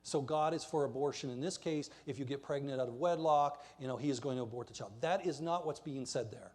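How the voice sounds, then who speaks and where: A man's voice: mid-range voice, brisk, a little mellow. A man preaching a passionate, emphatic sermon in a church while pointing to slides.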